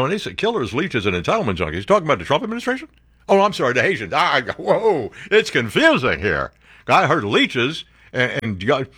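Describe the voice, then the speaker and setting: Sarcastic, animated male talk radio host. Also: medium pitch, dry recording, studio quality. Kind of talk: political commentary on talk radio.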